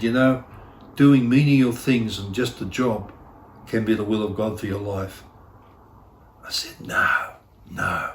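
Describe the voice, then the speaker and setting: A middle-aged pastor with a lowish voice preaches a sermon in church, recorded in an echoey room. He is earnest, repeats key phrases for emphasis, and makes self-deprecating asides.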